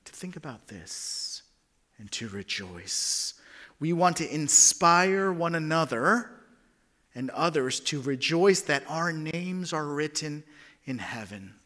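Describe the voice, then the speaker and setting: Bright-voiced man preaching a sermon. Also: on the high side, animated, slow. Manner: dynamic, swings from hushed whispers to loud emphasis. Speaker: pastor.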